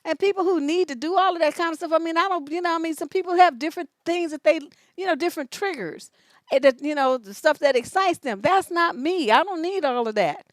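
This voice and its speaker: Woman, relationship coach, high voice, blunt, profane, joking, casual livestream advice, dry close sound. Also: fairly quick, dry recording. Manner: blunt and profane, joking, reads questions aloud. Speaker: relationship coach answering viewer questions.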